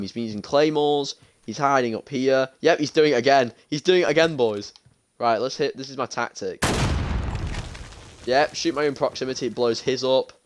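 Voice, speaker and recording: A young British man in his late teens, chatting and ranting casually while streaming a game, often restarting his sentences. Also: medium pitch. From United Kingdom. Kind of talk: casual gaming stream chat. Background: faint game gunfire.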